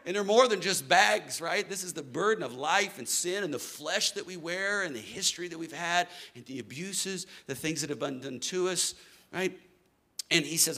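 Man, middle-aged pastor, preaching, bright voice, slightly high, shifts between hushed and loud. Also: moderate pace. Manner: animated preaching, swings from soft to loud. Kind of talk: sermon.

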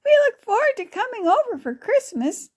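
A woman's voice: very high-pitched, sing-song, normal speed, a little mellow, voice pushed up. A woman voicing a curious, eager young girl in a read-aloud storybook.

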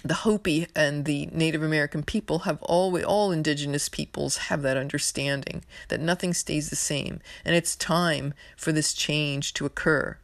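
Her voice is low-pitched and gravelly, fairly even in intonation, at normal speed with hardly any pauses, captured dry at studio quality. She's a New Yorker hosting an astrology podcast, rambling earnestly and emotionally with plenty of fillers in a casual spiritual monologue.

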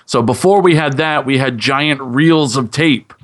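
Brief: man, measured explainer, plain mid voice. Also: medium pitch, fairly bright tone. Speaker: podcast host guest. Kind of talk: casual explanation.

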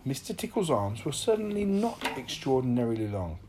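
A woman's voice: very deep voice, sing-song, a little fast, noisy background. A woman reading a children's story aloud in a playful, sing-song way.

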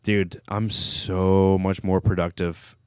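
A man's voice: low voice, level tone, takes it slowly, darkish tone, clean tone, dry recording, clean studio sound. A man in his thirties co-hosting a casual podcast, laid-back and joking, acting out quotes of himself. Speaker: podcast co-host. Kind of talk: casual chat.

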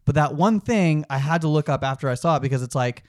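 A man's voice: on the high side, fast talker, no echo, studio quality. A man co-hosting a podcast, giving rambling, opinionated takes on a film in casual chat and swearing freely. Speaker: podcast co-host. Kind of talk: casual movie-talk chat.

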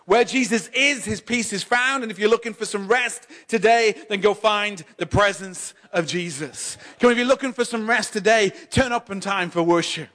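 A man preaching a sermon in church, emphatic and repetitive, stammering on restarts and swinging between loud exhortation and soft, slow moments. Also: high-pitched. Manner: emphatic, repeats and builds phrases, stammers on restarts.

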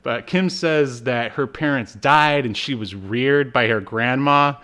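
A man's voice: mid-range voice, measured pace, bright, forceful tone. A man casually recapping a show episode on a podcast, laughing as he retells it and acting out the characters' lines. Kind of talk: casual chat.

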